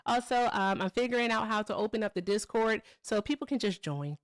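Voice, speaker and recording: A woman's voice: medium pitch, fairly quick. Lady running a live call-in debate stream, mocking and combative, keeps repeating herself. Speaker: livestream political debate host.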